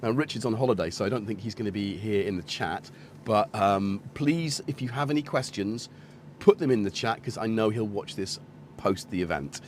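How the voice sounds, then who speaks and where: A man's voice: fairly low pitch, normal speed, slight background noise. A man hosting a casual live stream, chatting loosely and greeting viewers while demonstrating a synth module. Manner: rambling, chatty, self-correcting, greets viewers. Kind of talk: casual live-stream chat and product demo.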